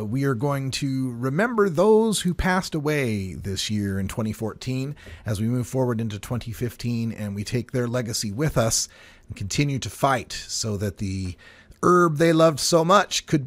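A man hosts a radio talk show in a steady, earnest voice of middle pitch. The sound is close and dry, with no room around it. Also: dry recording.

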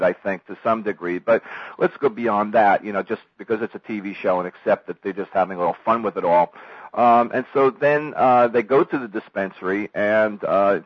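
A man with a husky, somewhat low voice recaps at length as a weekly guest, rambling and leaning on fillers. The sound is dull and lo-fi but dry, with no room echo. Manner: rambling, many fillers like "you know". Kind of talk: casual spoken commentary.

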